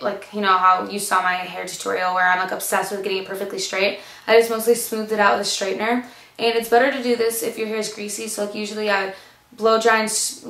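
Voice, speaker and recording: Chatty and full of "like" and "um," a young woman walks through a casual hair tutorial. The beauty vlogger's voice is medium-pitched and a bit bright, with a gravelly vocal fry.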